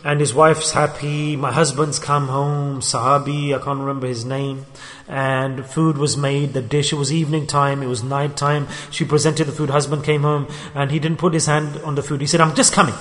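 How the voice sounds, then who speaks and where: A man's voice: fairly high pitch, little pitch movement, moderate pace, fairly bright tone. A middle-aged man preaching a sermon, telling stories and acting out the dialogue. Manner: storytelling, acts out dialogue, rising and falling delivery. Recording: echoey hall with long reverb.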